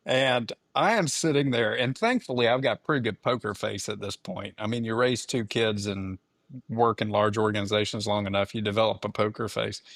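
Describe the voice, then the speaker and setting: This middle-aged podcast co-host is a lively storyteller who performs the quotes as he shares stories in casual chat. His voice is fairly low and moderately paced, recorded in a clean studio with no room sound.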